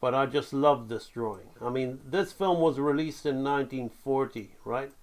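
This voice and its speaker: A man teaching animation drawing, talking along while he sketches, relaxed and checking in with "right?". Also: mid-range voice, moderate pace. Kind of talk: drawing tutorial, thinking aloud.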